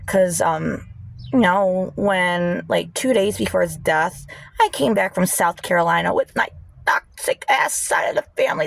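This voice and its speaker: A woman's voice: lowish voice, animated, measured pace, gravelly, no echo. A young woman telling a painful personal story to the camera, emotional and fighting back tears, with many fillers. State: tearful. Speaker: vlogger. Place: indoors, people nearby.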